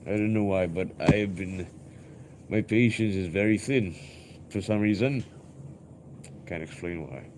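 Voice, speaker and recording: A young man talks slowly to his live-stream audience, thinking out loud and circling back over the same questions. His voice is low and mellow, with a faint hum of room ambience behind him. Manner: introspective, musing aloud, repeats himself. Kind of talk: rambling live-stream monologue.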